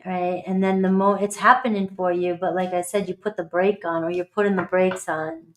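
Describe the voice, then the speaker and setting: A woman's voice: medium pitch, little pitch movement, moderate pace, few pauses. A middle-aged woman giving a casual, blunt tarot reading, chatty and swearing freely. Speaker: tarot reader.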